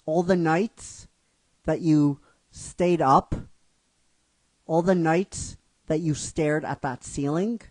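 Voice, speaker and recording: A man's voice: a little high, slow pace, pauses often, darkish tone, no room sound, pitched above the performer's own voice. A man voicing an exasperated older sister who confronts her sibling with insistent, repeated questions in a storytelling recap. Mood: confronting.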